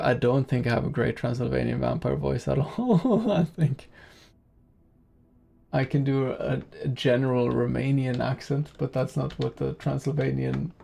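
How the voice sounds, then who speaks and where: A man's voice: mid-range voice, vocal fry, warm tone, husky. A man streaming a game in casual commentary, chatting with viewers in a rambling, easygoing way and laughing easily.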